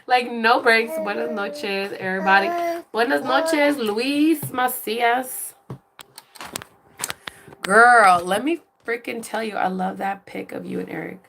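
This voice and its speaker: A woman's voice: on the high side, slow pace, vocal fry, a bit bright, a little hiss or hum. Exasperated young woman venting on a phone livestream. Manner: exasperated, venting, swears casually. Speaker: livestream host. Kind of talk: casual livestream chat. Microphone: phone camera.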